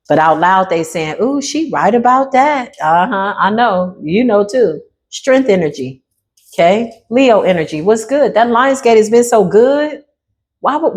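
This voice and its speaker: Sassy emphatic woman reading tarot. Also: a little hiss or hum. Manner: sassy and emphatic, repeats lines for effect; swings into high exclamations and asides. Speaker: tarot reader.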